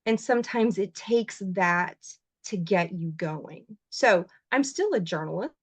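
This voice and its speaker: A woman, a writer and journalist, telling her story as a guest on a podcast interview, heartfelt and expressive, her voice leaping up when she gets emotional. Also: measured pace, husky, no echo. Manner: voice jumps high when emotional.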